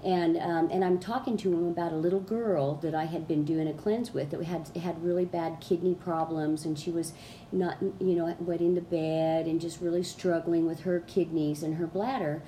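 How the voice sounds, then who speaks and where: Woman telling a rambling, lively story. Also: on the low side, moderate pace, slight background noise. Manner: rambling, with many restarts and fillers; animated, acts out quotes. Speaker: guest, colon hydrotherapist. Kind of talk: casual storytelling in an interview.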